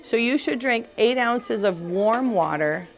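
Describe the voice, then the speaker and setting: A woman's voice: a little high, lively intonation, unhurried, vocal fry. Chatty woman chiropractor, laughing often. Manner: chatty, laughs often, acts out patients' lines. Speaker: chiropractor leading a group talk. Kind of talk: casual group talk.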